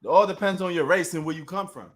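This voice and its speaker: A man's voice: high voice, fast. Slangy Queens New York man streaming. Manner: loose, slangy, talks to chat. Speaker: sports livestream host. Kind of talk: casual livestream commentary.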